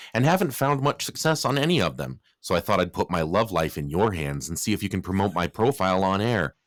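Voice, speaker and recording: Low-voiced man, very lively delivery. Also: no room sound, studio quality. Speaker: podcast co-host. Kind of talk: casual chat, reading listener mail aloud.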